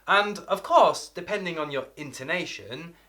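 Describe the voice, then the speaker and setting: A middle-aged British man with a British English accent, teaching an energetic English video lesson and acting out examples with shifting intonation. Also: on the high side, normal speed. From Britain. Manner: lively, acts out examples with changing intonation.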